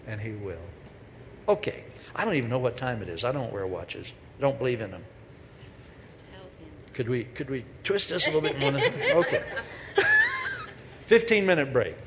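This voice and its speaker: A man giving a humorous, storytelling sermon as a preacher, with sudden loud bursts. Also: medium pitch, wildly swooping pitch, normal speed, long pauses. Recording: echoey hall with faint noise.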